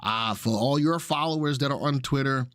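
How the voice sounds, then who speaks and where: A man's voice: mid-range voice, normal speed, fairly bright tone, smooth, dry recording, studio quality. A man hosting a live market stream in a chatty, upbeat way, with many fillers. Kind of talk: casual live stream talk.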